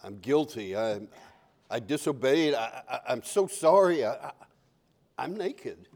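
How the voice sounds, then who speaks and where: A man voicing a timid, ashamed man hiding in a garden, speaking very softly and stammering. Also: medium pitch, lively intonation, unhurried, creaky, big-room sound, voice pushed down. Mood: sheepish. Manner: quiet stammering whisper-soft voice.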